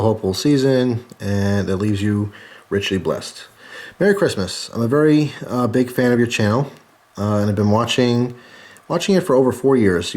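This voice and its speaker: Chatty man reading fan cards. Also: fairly low pitch. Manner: chatty, jokey, thanks readers warmly. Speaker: channel host reading viewer cards. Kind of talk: casual chat.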